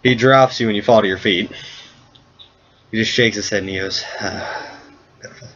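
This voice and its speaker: A man's voice: fairly low pitch, steady tone, a little fast, a bit bright. A young man narrating as game master, loose and jokey, stumbling over words now and then. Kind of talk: casual tabletop game narration. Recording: dull lo-fi recording with faint hiss.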